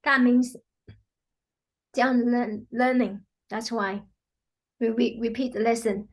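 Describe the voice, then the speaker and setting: Brief: woman healer explaining her practice, earnest, slightly higher pitch, loose filler-heavy phrasing. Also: fairly even intonation, takes it slowly. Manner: earnest, many "you know" fillers, acts out quotes. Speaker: quantum healing practitioner, guest. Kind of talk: explanatory interview talk.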